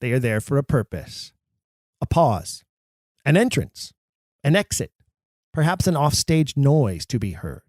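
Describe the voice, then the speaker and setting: A man's voice: mid-range voice, big pitch swings, measured pace, long pauses, darkish tone, dry recording, studio quality. A man hosting a podcast, explaining verse to actors in an emphatic way with wry, self-mocking asides. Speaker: podcast host. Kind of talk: explanatory talk on Shakespeare for actors.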